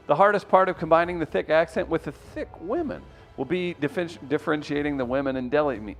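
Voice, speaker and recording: A man's voice: fairly high pitch, big pitch swings, soft background music. A man hosting a radio show, joking and teasing his co-hosts in casual banter. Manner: joking, teasing, quick to mock.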